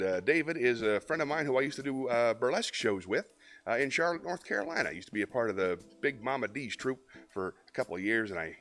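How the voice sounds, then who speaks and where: A man hosting a live stream show, chatting casually in a relaxed, rambling way full of "uh" fillers. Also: medium pitch.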